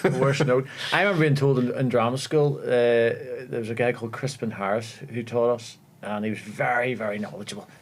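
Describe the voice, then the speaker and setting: A young man with a Belfast accent, an actor telling animated stories on a podcast and laughing often. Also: medium pitch, brisk, hardly any pauses. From Northern Ireland. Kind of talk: casual storytelling chat. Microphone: podcast studio mic.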